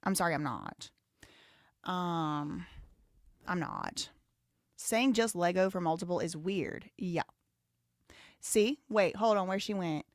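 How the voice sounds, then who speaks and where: A woman's voice: lowish voice, big pitch swings, takes it slowly, long pauses, dry recording, clean studio sound. A woman with a Southern American accent hosting a live show, chatting casually and reading comments in a talkative, opinionated way. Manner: chatty, opinionated, laughs often.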